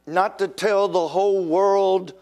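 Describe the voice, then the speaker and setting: An older man preaches a sermon slowly and emphatically. He's animated, acting out quoted voices with sudden jumps in pitch.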